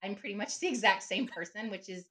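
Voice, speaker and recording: A woman's voice: medium pitch, fast, pushed and bright. A middle-aged woman speaking as an author guest in a casual interview. She is chatty, often adds "right?" and laughs easily.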